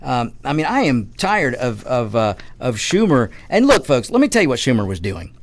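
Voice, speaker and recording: A man's voice: mid-range voice, very animated, normal speed, a little hiss or hum. A man hosting a talk radio show, ranting passionately with frequent restarts and stammers. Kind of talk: political talk radio monologue.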